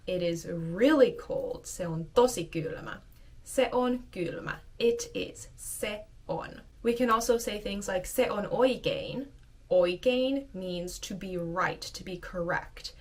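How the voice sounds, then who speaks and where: Slow-talking woman teaching a lesson. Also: mid-range voice, far from the mic. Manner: slow, repeats phrases over and over. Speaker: language teacher. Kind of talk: casual video lesson.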